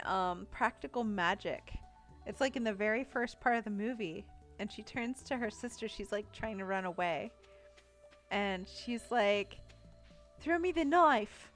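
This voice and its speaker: A young woman streaming a cozy farming game, chatting casually with viewers, giggling often as she reads their messages aloud. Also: mid-range voice. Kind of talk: casual live-stream chat.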